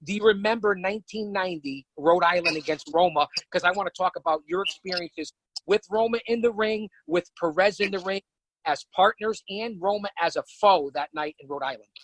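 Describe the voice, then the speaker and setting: A man's voice: high voice, fairly quick, fairly bright tone, no echo, rough recording. A man hosting a podcast, reading from his notes and emphatically quizzing his co-host. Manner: emphatic, addresses guest by surname. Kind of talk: interviewing from notes.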